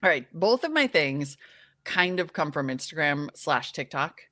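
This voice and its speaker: A woman's voice: deep voice, moderate pace, dry recording, studio quality. A woman co-hosting a live-stream podcast, chatting casually and animatedly, often laughing and acting out what other people say. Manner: animated, laughing, acts out quoted voices. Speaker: podcast co-host.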